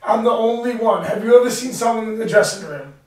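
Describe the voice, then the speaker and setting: A middle-aged man with a high voice hosts a podcast in a studio, talking in a profane, rambling, animated way. His voice sounds roomy and set back from the mic. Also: quick pace, recorded from a distance. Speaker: podcast host and fighter. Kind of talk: casual studio chat.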